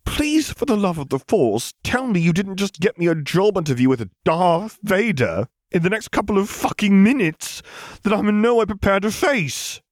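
A man's voice: mid-range voice, sing-song, normal speed, a little mellow, dry recording, clean studio sound, voice pushed up, lightly acted. A man reading an audiobook voices a tall, anxious young man who is frantic, exasperated and swears a lot. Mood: panicked.

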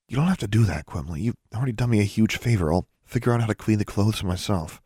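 A man's voice: on the low side, lively intonation, fast talker, slightly rough, no echo, clean studio sound, voice pushed up. A man voicing a young witch girl who talks urgently and sometimes in a small voice. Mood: anxious. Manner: urgent hissing, then soft.

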